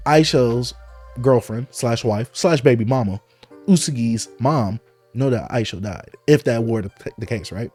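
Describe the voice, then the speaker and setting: A man hosting a casual live read-along, thinking aloud and jumping excitedly into speculation. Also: mid-range voice, normal speed, slightly rough, faint music behind. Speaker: host reading comics aloud.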